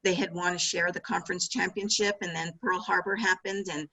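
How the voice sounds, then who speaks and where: A middle-aged woman, an author, telling animated anecdotes in an interview over a video call. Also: on the low side, a little fast, rough recording. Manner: animated anecdotes with laughter and restarts. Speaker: author and former sportswriter. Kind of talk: storytelling interview answers.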